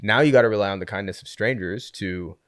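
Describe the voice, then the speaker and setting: This man, a community co-founder appearing as a podcast guest, speaks at a quick pace in a fairly low voice. He spins his story in casual chat, filling it with "like" and performing other people's lines with real animation. The recording is studio quality with no room sound.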